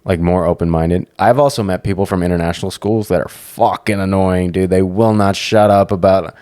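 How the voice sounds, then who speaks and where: A man's voice: low voice, steady tone, brisk, warm tone, dry recording, studio quality. A young man chatting casually on a podcast, rambling and swearing freely as he tells stories. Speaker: podcast co-host.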